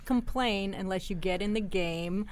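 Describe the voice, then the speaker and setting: A woman's voice: medium pitch, a little slow, smooth. A woman hosts a podcast in a casual, chatty way. She agrees readily and keeps things light, in an ordinary mid-range voice. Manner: chatty, agreeable, laughs easily. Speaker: podcast host. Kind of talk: casual chat.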